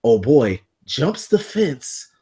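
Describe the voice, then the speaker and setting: Animated profane man telling a story. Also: mid-range voice, takes it slowly, husky. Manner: animated, profane, acts out voices. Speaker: podcast co-host. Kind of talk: casual storytelling.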